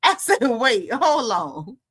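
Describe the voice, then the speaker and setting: A woman with a bright, higher voice slowly recaps reality TV in a casual chat, telling it as an animated story. Her delivery is clear and forceful, she laughs frequently, and she switches into the voices of the people she quotes.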